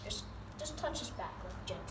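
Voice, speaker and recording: A woman's voice: mid-range voice, expressive, fairly quick. A woman chatting casually while filming her cat at home, doting and rambling with fillers and restarts. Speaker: pet vlogger. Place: at home near a backyard. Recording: roomy, distant mic, noisy background.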